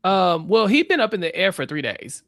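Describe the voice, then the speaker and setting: A man's voice: high voice, big pitch swings, normal speed, fairly bright tone, dry recording, studio quality. A man co-hosting a podcast, chatting casually and thoughtfully about a TV episode, with many fillers. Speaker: podcast co-host. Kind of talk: casual recap chat.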